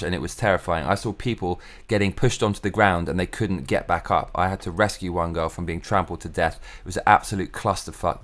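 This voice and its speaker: A young man hosting his own show, talking in a casual solo monologue that is profane, ranting and opinionated. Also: low-pitched. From England. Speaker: show host.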